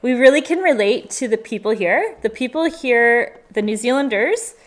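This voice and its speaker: A woman's voice: fairly high pitch, expressive, normal speed. Chatty Canadian woman hosting a live Q&A. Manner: chatty, upbeat, strings thoughts into long lists. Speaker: travel channel host. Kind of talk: live Q&A chat.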